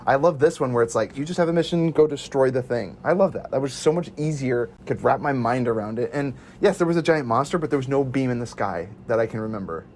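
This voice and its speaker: Guy hosting a movie podcast, super into it, mid pitch, bit of faint background hiss. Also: expressive, quick pace, hardly any pauses, darkish tone. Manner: enthusiastic, laughs often, acts out quotes. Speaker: podcast host. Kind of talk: casual movie review chat.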